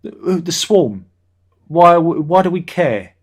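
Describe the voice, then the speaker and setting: A man's voice: on the high side, animated. A man hosting a review livestream, chatting casually and reading out viewer comments with a sarcastic, easily angered manner. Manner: ranting, sarcastic, quick to anger.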